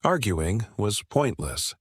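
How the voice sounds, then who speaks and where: Low-voiced man, confident measured narration. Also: sing-song, breathy edge, dry recording, clean studio sound. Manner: measured, confident storytelling with rhetorical questions. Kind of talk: scripted narration.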